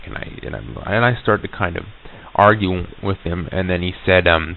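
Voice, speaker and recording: Deep gravelly man on old tape. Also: a bit bright, poor audio. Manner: halting, many fillers and restarts. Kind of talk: first-person account of an eerie encounter.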